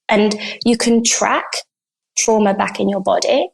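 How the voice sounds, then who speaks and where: A woman guest on a podcast telling a personal story in an earnest, animated way, acting out the dialogue she recounts. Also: mid-range voice, moderate pace, gravelly, slight background noise. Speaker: guest coach on healing. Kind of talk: conversational storytelling.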